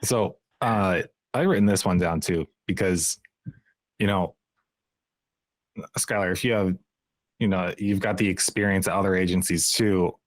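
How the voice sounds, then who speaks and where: A man co-hosting a podcast, asking long, halting questions with fillers. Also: sits low, dry recording. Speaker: podcast co-host. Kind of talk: casual conversational interview.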